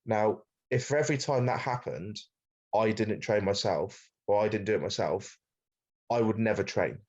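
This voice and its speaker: A Welsh man talking as a podcast guest in casual chat, with a fairly monotone delivery and frequent "mate.". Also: lowish voice, moderate pace. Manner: self-described monotone, chatty, says "mate" often. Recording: dull lo-fi sound.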